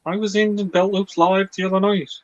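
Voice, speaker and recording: A man's voice: high-pitched, little pitch movement, fairly quick, no room sound. A man hosting a live stream, casually giving viewers practical instructions for the chat. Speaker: stream host. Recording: dull dry sound.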